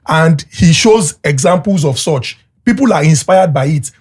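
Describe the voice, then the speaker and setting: A young man hosts a podcast conversation. His voice is a bit husky and sits fairly high, and he builds his point calmly, one example after another. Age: young adult. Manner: measured, making a point with examples. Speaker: podcast host. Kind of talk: casual podcast chat.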